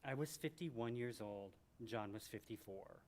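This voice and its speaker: A man in his sixties from Michigan, reading from his memoir to a live audience in a library event room, animated and joking. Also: measured pace, a little hiss or hum. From Michigan, USA. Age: 60s. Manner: animated and joking, with big swings in pitch and loudness. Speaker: author at a book event.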